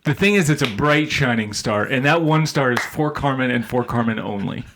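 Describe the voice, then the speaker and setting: A man co-hosts a comedy podcast, reviewing a film in a loose, rambling way. He laughs often and trails off while hunting for the right quote. His voice sits in a middle pitch. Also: animated, normal speed, noisy background. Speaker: podcast co-host. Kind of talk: casual comedic movie review chat.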